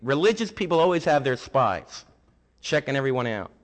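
A man's voice: mid-range voice, big pitch swings, moderate pace, in a large hall. A man preaching a sermon in a church, conversational and humorous as he tells stories. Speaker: pastor. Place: church sanctuary.

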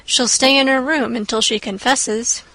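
A woman's voice: a little high, steady tone, moderate pace, sharp tone, no echo, low-quality recording. A woman voicing a stern, strict older female guardian who speaks firmly and curtly. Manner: firm, clipped.

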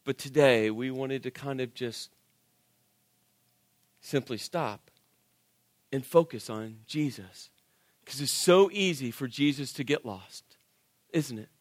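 A man preaching a sermon, telling stories with acted-out voices and sinking to quiet intensity. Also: medium pitch, slow, pauses often, no echo, studio quality. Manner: animated storytelling, acts out voices, drops to quiet intensity. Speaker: pastor.

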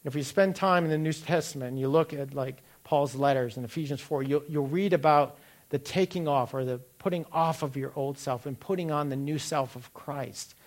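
A man's voice: a little high, normal speed. A middle-aged man giving a sermon, asking the listeners direct questions and telling personal stories. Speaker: pastor.

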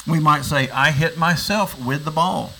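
Guy preaching, kinda high voice, lots of questions to the room, faint hiss behind. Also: a little slow, sharp tone, poor audio. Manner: teaching, asks rhetorical questions; repeats words when restarting. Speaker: pastor. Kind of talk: sermon.

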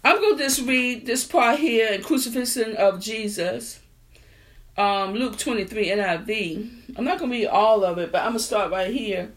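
A woman preaching a sermon. She reads scripture quietly, then preaches in a casual way, repeating her refrain with rising fervor. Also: on the high side, moderate pace. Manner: builds from quiet reading to fervent, repetitive preaching; colloquial, drops verbs in speech.

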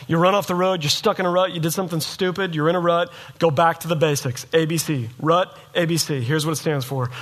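A middle-aged man preaching a sermon, emphatic and animated, sometimes mimicking his listeners in mock voices. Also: a little high. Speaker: pastor.

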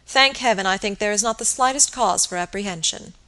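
A woman gives voice to a grave young barrister in a storybook reading. He speaks in a measured, formal way, with a bright, clear tone. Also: mid-range voice, natural voice.

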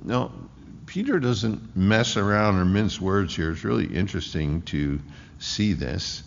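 Guy preaching a sermon, lively up and down voice, lots of stammered restarts, echoey hall. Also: low voice, creaky, a little hiss or hum. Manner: emphatic, with quick repeated restarts. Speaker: pastor. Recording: echoey hall, dull lo-fi sound.

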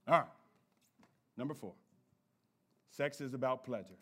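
A man's voice: mid-range voice, measured pace, long pauses, fairly bright tone. A male pastor preaching a sermon in a playful call-and-response style, with slang asides to the congregation.

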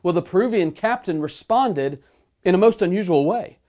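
Earnest preaching man, slightly high voice. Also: lively intonation, a little mellow. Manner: earnest, measured preaching with slowed emphatic phrases. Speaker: pastor. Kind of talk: sermon. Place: remote sermon streamed online.

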